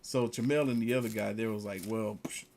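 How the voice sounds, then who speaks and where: A man telling a casual story, lively, jumping higher when he quotes people. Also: fast talker. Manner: animated, jumps up in pitch when quoting others.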